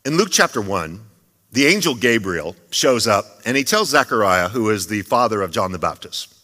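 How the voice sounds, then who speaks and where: A male pastor delivers a sermon, his voice bright and forward as it rings through a church hall with a long, lingering reverb. He keeps it conversational, dropping joking asides to the congregation between points. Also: on the low side, big pitch swings, moderate pace. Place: church sanctuary.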